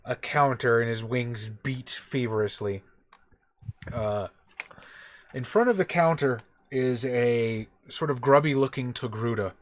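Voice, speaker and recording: A man's voice: mid-range voice, a little slow. A man narrating a tabletop game as game master in a casual, loose way.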